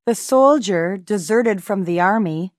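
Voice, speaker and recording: A woman reading language lesson examples in a measured way, enunciating each word carefully and pausing between words. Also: mid-range voice, animated, a little mellow, dry recording, studio quality. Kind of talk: slow, deliberate lesson reading.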